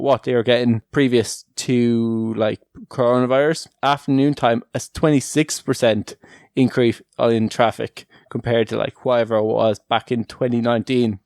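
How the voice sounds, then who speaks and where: An Irish man in casual podcast chat, his voice smooth and resonant and close to the mic with no room sound. He rambles through stats, fills gaps with "like" and breaks into laughs often. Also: medium pitch, a little mellow, no room sound. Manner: chatty, laughs often, many "like" fillers. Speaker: podcast host.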